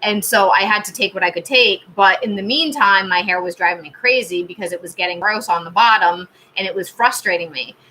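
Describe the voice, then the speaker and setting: A woman's voice: medium pitch, brisk, hardly any pauses, bright, forceful tone, slight background noise, rough recording. A woman in her thirties, a tarot channel host, chatting casually on a live stream and telling stories with lots of fillers. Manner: chatty storytelling with many fillers and laughs.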